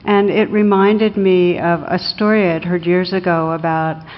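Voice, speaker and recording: Low-voiced woman teaching meditation in a hall. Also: steady tone, measured pace. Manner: reflective, with light humor and small hesitations. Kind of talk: meditation class talk. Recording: lo-fi recording in a reverberant hall.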